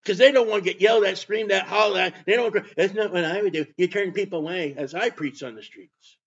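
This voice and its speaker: A man preaching a sermon, emphatic, with bursts of loud delivery. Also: sits high, fast, husky. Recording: dull lo-fi sound.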